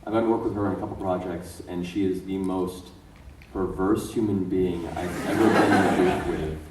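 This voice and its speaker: A man's voice: low voice, fairly even intonation, brisk, noisy background. A man, a voice actor on a convention panel, sharing a casual anecdote in a chatty, laughing way. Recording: echoey hall recorded from far off.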